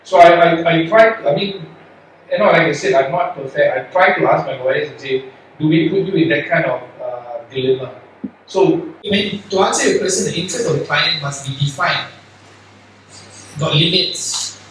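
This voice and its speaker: A man's voice: fairly high pitch, moderate pace. A man, a lawyer, giving an earnest, rambling talk to young lawyers, full of rhetorical questions. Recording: echoey hall from far off, faint noise.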